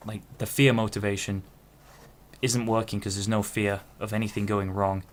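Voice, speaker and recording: Low-voiced young man rambling solo. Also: level tone, moderate pace, slight background noise. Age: 20s. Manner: rambling, self-interrupting, casual swearing. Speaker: podcast host. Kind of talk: casual solo monologue.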